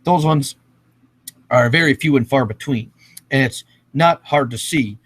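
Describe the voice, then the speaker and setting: A man's voice: medium pitch, measured pace, fairly bright tone, breathy edge. A man ranting casually and freestyle rapping at home, profane and rambling. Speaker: freestyle rapper. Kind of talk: casual rant and freestyle rap. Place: indoors at home.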